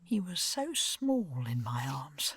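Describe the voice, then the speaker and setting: A woman's voice: low-pitched, sing-song, slow pace, husky, no room sound, full character voice. An actress voicing an older grandmother in a video game, speaking reflectively and with regret about her grandson. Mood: regretful.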